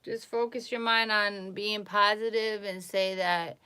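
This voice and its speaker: A woman with a bright, sharp voice talks straight to her live-stream viewers. Her advice is blunt and emphatic, and she repeats words to drive her points home. Her pitch sits in an ordinary middle range. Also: steady tone, measured pace, clean tone. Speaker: psychic livestreamer.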